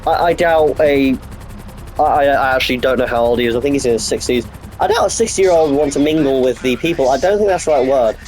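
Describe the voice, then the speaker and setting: A man's voice: medium pitch, fairly quick, darkish tone, slight background noise, rough recording. A young man with a cold, rambling and swearing casually as he comments over his gameplay. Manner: rambling, profane, offhand. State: sick. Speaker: gaming YouTuber.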